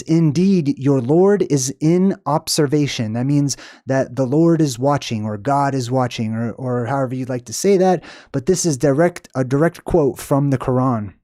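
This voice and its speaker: Rambling man explaining, warm dry voice. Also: mid-range voice, dry recording. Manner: rambling, explanatory, frequent "um" and "right?". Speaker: channel host. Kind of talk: casual livestream lecture.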